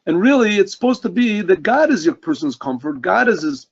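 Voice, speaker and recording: Brief: earnest male rabbi, storytelling sermon; husky, high-pitched. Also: fairly quick. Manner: earnest, animated storytelling with throat clearing. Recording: dull lo-fi recording.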